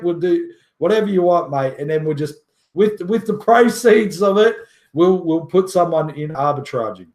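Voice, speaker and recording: A man's voice: fairly high pitch, expressive, moderate pace, darkish tone, roomy sound. A man hosting a casual livestream who jokes, boasts, swears casually and laughs often. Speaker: livestream host.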